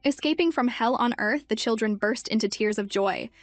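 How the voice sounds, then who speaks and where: Woman narrating a story over soft music. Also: on the high side, moderate pace, no room sound. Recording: dry close mic with faint music.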